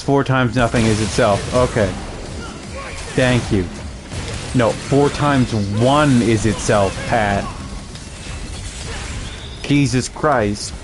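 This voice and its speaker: A man casually commenting over a game he is playing, telling rambling, amused stories. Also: mid-range voice. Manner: rambling, amused storytelling with fillers. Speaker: gameplay streamer.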